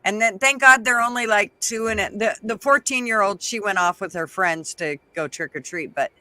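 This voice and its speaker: An older man with a high, bright voice, talking in a loose, chatty way. He laughs easily and tells stories in a rambling, casual style, recorded dry and close. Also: normal speed, no room sound. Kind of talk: casual chat, storytelling.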